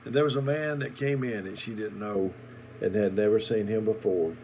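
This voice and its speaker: A middle-aged man preaching in a recorded sermon video, telling folksy stories with halting pauses and repeated words. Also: on the low side, steady tone, creaky, darkish tone, slight background noise, low-quality recording.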